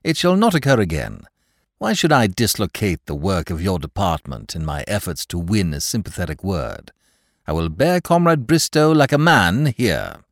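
A man voicing a languid young gentleman who speaks with grave, florid irony. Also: low-pitched, big pitch swings, normal speed, no room sound, clean studio sound. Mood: mock-grave.

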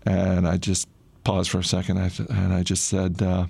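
A middle-aged man casually telling a personal story in a relaxed, conversational way, with frequent "uh" fillers. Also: sits low, normal speed, creaky, breathy edge, no echo.

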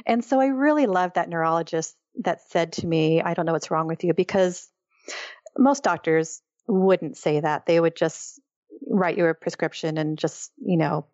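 A woman's voice: lowish voice, unhurried, a little mellow, no room sound, muffled recording. A middle-aged woman, a guest, telling her story in an earnest, reflective way during an interview. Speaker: guest, author. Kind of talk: interview conversation.

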